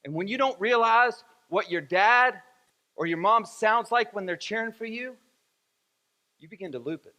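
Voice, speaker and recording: Male pastor, high bright tone, repetitive emphatic sermon delivery, echoey church hall. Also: moderate pace. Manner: repetitive, emphatic preaching with rising fervor. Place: church sanctuary.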